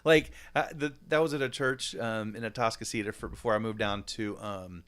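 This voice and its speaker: A man, a pastor hosting a podcast, talking in animated, rambling casual chat with frequent laughs and fillers. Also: lowish voice, moderate pace.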